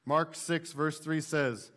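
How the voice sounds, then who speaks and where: A man in his thirties preaching a sermon in a church, talking to the congregation conversationally with frequent "right?" tag questions and animated storytelling. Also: on the high side, slow. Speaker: pastor. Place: church sanctuary.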